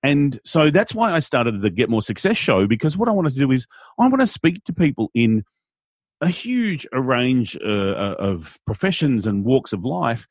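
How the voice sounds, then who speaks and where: Australian male MC guest, husky mid voice, dry close sound, animated. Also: mid-range voice, moderate pace, no echo. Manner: animated, playful, acts out quotes in silly voices. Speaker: guest, event MC. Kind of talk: conversational interview.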